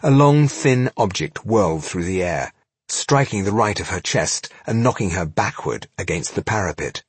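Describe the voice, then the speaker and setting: A male audiobook narrator with a low, husky voice. He reads with measured drama and a lively rise and fall. The recording is dry and close. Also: dry recording. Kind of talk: scripted narration.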